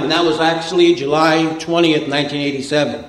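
High-voiced wisecracking man in a roomy hall. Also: brisk. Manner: wisecracking, tough-guy storytelling, acts out quotes. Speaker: speaker at a recovery meeting. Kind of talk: humorous personal recovery story. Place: meeting room with a live audience.

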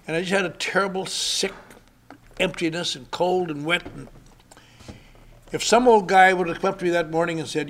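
A man's voice: high-pitched, normal speed, pauses often, fairly bright tone. An older man sharing his recovery story with dry, wry humor at a convention. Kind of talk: recovery meeting talk. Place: convention hall.

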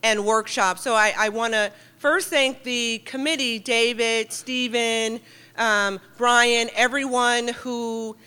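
A middle-aged woman giving a lively, joking and heartfelt talk to an audience in a meeting hall. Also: a little high, slow, smooth. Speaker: guest speaker at a recovery meeting.

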